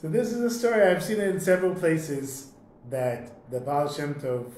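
A man teaching a lesson, telling a long story in a relaxed, conversational way and often clearing his throat. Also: fairly high pitch, normal speed. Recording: echoey room, faint noise.

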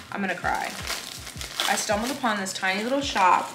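With a medium pitch and moderate pace, a young woman who's a lifestyle influencer unboxes items in a casual vlog chat. She gushes and gasps but sounds a bit tired, and the roomy recording has loud background music.

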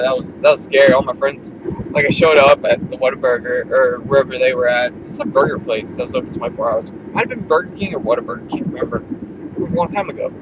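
A man, telling a rambling, casual story while driving his car. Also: medium pitch. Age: 20s. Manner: rambling, filler-heavy, laid-back. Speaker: vlogger. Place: inside a moving car. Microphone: camera or phone in the car. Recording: loud car road noise. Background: road and engine noise.

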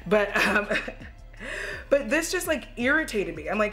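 A woman in her thirties rants through a casual movie review from home, animated, laughing and swearing as she goes. Her voice sits at a middle pitch for a woman, with faint music playing softly underneath. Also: a little slow, long pauses.

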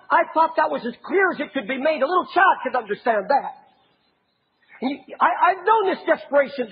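A man preaching an impassioned sermon as a pastor, often raising his voice to a shout. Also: extremely high pitch, highs cut off.

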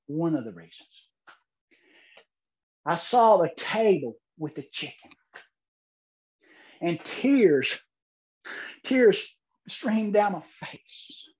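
A man delivers a comic speech, letting the pauses do the work. His voice is unhurried and mellow. It comes through muffled online conference audio. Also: high voice. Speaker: keynote speaker. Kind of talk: humorous contest speech.

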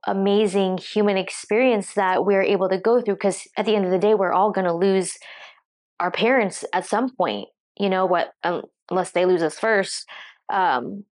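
A woman fitness coach, tearful, speaking reflectively to the camera with halting restarts. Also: medium pitch, steady tone. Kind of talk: emotional talk to camera. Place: seated at home.

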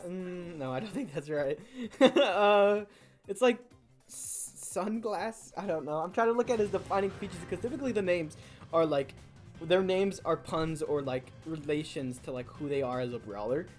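Playful young woman with a low voice. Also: normal speed, a little mellow, faint music behind. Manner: playful, jokey and self-mocking. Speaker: gaming channel host. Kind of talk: casual gameplay commentary.

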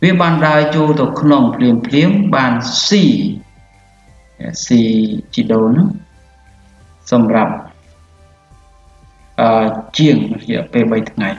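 A man's voice: medium pitch, lively intonation, racing, pauses often. A man from Cambodia with a Khmer accent teaching English, explaining words and switching languages. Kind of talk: bilingual language lesson. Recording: roomy, muffled with faint music.

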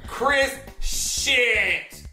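A woman hosting a gossip commentary show, telling the story in a blunt, profane, animated way. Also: a little high, extremely slow, roomy sound, soft background music. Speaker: host.

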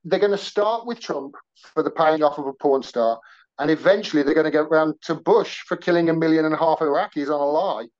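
A man from Wolverhampton with a West Midlands accent, chatting as a podcast guest with animated, ironic commentary. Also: on the high side, fairly quick, dull audio. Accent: West Midlands English. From Wolverhampton, England. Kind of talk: casual video-call chat.

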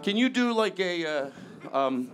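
A man performing a live stand-up comedy set, loud and animated, chatting with the audience and the band. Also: high voice, a little slow. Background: band music and audience laughter.

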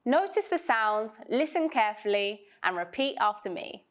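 A woman teaching English pronunciation in a slow, scripted lesson, drilling sounds clearly and deliberately. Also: medium pitch, big pitch swings, a bit bright.

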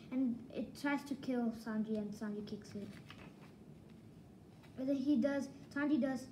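A woman casually reviewing manga volumes, rambling and excitable, leaning on "like" as filler. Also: sits high, unhurried, long pauses, slight background noise, poor audio. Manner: rambling, excitable, heavy use of "like".

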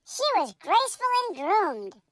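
A performer voicing a pug radio host through a high pitch-shifted effect, reading a storybook aloud in a slow, sing-song way. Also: big pitch swings, a bit bright, dry recording, studio quality, exaggerated voice. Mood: cheery. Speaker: host reading a picture book.

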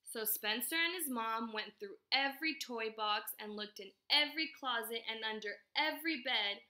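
Woman teacher reading a picture book to kids, high voice, stops to ask stuff. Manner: expressive, pauses to ask questions. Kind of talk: reading a storybook aloud to young children.

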